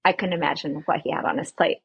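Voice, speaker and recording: A woman talking enthusiastically as a podcast guest, quick to jump in. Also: sits low, fairly even intonation, breathy edge, dry recording, highs cut off. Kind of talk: casual chat.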